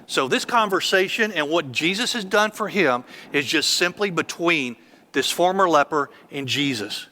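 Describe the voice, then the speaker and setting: Man in his fifties, church elder, sermon, emphatic, repetitive, fairly high, bright. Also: expressive, normal speed.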